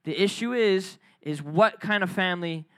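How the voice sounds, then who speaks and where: A man preaching as youth director, energetic and calling on the crowd to repeat phrases. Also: sits high, moderate pace. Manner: energetic, calls for crowd responses. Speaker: youth pastor. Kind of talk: youth sermon. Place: church youth service.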